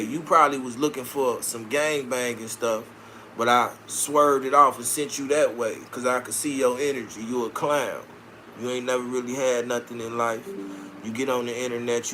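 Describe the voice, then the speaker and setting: A man's voice: mid-range voice, fairly bright tone, slight background noise. A man from Chicago hosting a casual live stream, answering viewer comments with brash, profane street banter. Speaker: livestream host reading viewer comments.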